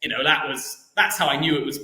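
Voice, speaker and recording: A man's voice: fairly high pitch, fast, bright, forceful tone, echoey room, rough recording. A young man, a footballer guest, telling stories in a casual chatty interview, rambling with lots of restarts and fillers.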